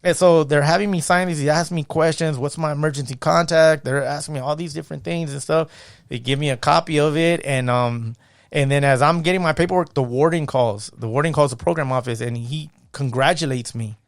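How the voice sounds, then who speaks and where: Man telling his story, lively and dry. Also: fairly high pitch, a little fast, no room sound. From San Gabriel Valley, California. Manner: animated storyteller, acts out quoted voices, fillers like "you know what I mean". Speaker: podcast guest. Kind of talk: casual storytelling interview. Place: podcast studio.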